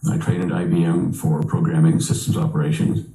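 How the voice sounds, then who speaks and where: A man's voice: sits low, flat delivery, a little fast, gravelly, mellow, reverberant, rough recording. An older man telling a long personal story as an interview guest, rambling with many fillers and restarts.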